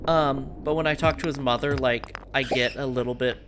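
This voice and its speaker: A woman's voice: extremely low pitch, steady tone, normal speed, music in the background. A woman streamer with a working-class American city accent, chatting casually and rambling with lots of fillers while playing a game. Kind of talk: casual chat while gaming.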